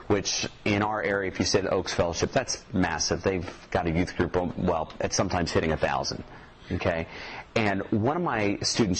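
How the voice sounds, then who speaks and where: A man's voice: fairly low pitch, a little hiss or hum, poor audio. A man giving a casual youth ministry workshop talk to a small group, plainspoken and conversational, asking the room questions.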